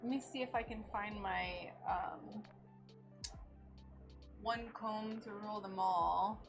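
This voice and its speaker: A woman's voice: mid-range voice, fairly even intonation, takes it slowly, vocal fry, faint music behind. A woman hosting a craft livestream, chatting casually and laughing often as she reads viewer comments. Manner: chatty and giggly, with frequent laughter. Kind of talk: casual chat while working, reading viewer comments. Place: home workshop in Florida.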